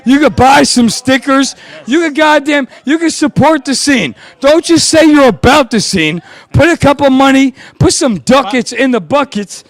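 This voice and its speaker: A man emceeing outdoors outside a music venue, talking in rowdy, profane, hyped-up banter and shouting thanks. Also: very high voice, lively intonation, normal speed, no echo. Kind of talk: hyped-up live event banter.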